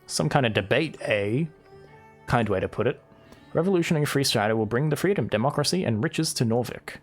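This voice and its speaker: A man's voice: medium pitch, expressive, a little fast, faint music behind. Man streaming a game, wry asides. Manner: wry, reads dialogue aloud with asides. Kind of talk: live gameplay commentary, reading game text aloud.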